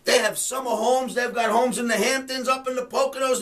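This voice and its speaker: A man's voice: extremely high pitch, fairly even intonation, a little fast, few pauses, a bit bright, distant mic. A man hosting a trading commentary show, fired up and ranting, mocking the people he disagrees with. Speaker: trading educator and show host. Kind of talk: market commentary webcast.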